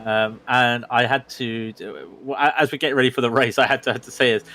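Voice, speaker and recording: A man's voice: mid-range voice, a little fast. A man from the West Country with a West Country English accent, chatting casually as co-commentator on a sim race broadcast. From West Country, England. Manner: chatty, animated storyteller.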